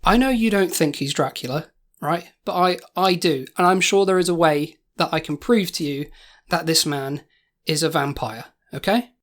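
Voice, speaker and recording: A woman's voice: low-pitched, normal speed. A woman in an improvised comedy audio drama, talking in a jittery, stammering, paranoid way. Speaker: comedy podcast co-host.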